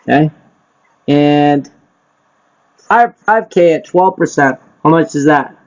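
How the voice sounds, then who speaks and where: Male instructor, slightly high voice, quizzing a class, dull lo-fi recording. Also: lively intonation, takes it slowly. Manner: quizzes the group, repeats himself, frequent "right?" and "okay?". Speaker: real estate investing instructor. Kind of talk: live teaching session. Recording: dull lo-fi sound.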